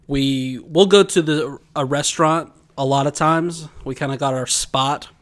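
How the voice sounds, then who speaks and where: A man's voice: a little high, steady tone, measured pace. A man co-hosting a casual podcast, telling long rambling stories and laughing often. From Georgia, USA. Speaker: podcast co-host. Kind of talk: casual chat.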